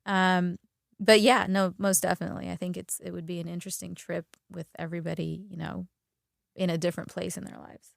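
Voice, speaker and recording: A woman's voice: on the low side, level tone, fairly quick, gravelly, no room sound, clean studio sound. A woman, a daughter talking through her memories in a rambling, curious way in a casual interview. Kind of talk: casual conversation.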